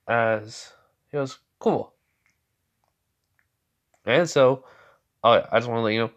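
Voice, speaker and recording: Slow rambling young man telling a story. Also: fairly low pitch. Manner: rambling, full of fillers. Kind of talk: rambling fan-story retelling.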